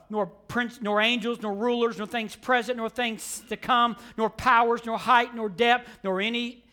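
A man preaching a sermon, emphatic and repetitive, swinging between quiet asides and loud declarations. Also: sits high. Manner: emphatic preaching with repetition, surging louder and softer. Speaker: pastor.

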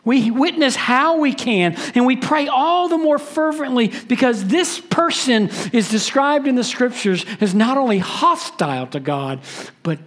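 A pastor preaching a sermon, stressing words by repeating them and switching between quick and slow delivery. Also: very high voice, lively intonation, fairly bright tone.

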